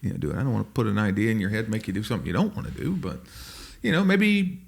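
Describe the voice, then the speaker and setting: A man's voice: fairly low pitch, racing, gravelly. A man co-hosting a podcast in casual chat, joking and acting out quoted lines. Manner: animated, jokey, acts out quotes. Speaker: podcast co-host.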